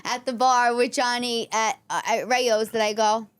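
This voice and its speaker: A woman's voice: on the high side, steady tone, moderate pace, a little hiss or hum. Chatty woman podcast host. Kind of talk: casual chat.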